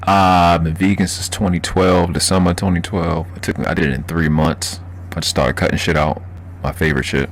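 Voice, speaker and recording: This Baltimore livestream host talks a little fast in a low-pitched, steady voice, with slight background noise behind him. He's casual and profane, laughing as he reads out messages from chat and responds.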